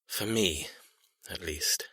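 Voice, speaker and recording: A man's voice: lively intonation, sharp tone, no room sound, studio quality. A man voicing a cold, menacing controller. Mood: murmured. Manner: low, slow, threatening. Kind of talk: audiobook character reading.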